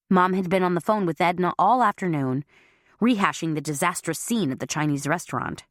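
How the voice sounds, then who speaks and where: A woman's voice: low voice, animated, moderate pace, no room sound, studio quality. A woman reading a first-person audiobook, with a wry, self-mocking manner. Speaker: audiobook narrator.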